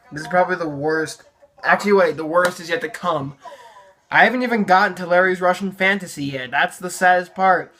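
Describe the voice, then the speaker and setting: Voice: mid-range voice, pushed and bright. A teenage YouTuber in casual, self-mocking reaction commentary on their own old videos, with plenty of ums and uhs. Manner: sarcastic, self-mocking, many fillers.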